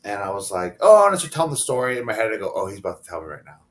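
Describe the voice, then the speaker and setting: A man's voice: fairly low pitch, big pitch swings, racing. A middle-aged man, a professional wrestler guesting on an interview show, telling stories in a rambling, casual way and acting out the dialogue he quotes.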